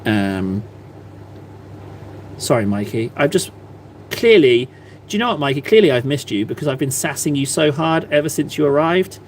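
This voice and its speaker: A man's voice: on the high side, expressive, moderate pace, long pauses, slight background noise. A man chatting casually on a live stream, self-mocking and rambling as he paints. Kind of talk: casual livestream chat while painting.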